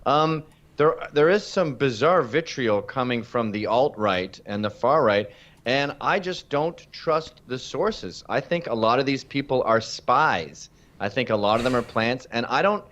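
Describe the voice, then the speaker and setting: A man's voice: medium pitch, lively intonation, measured pace, a bit bright, dull audio. A man from Canada, a guest in a political debate, talking in a casual, blunt and wry way.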